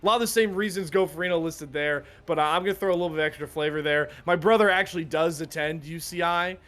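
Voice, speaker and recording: A male host at an esports analyst desk who keeps the show moving. He sounds upbeat and casual, with a voice pitched a little high. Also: fast talker, fairly bright tone. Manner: upbeat, hands off to casters. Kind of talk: live esports desk talk.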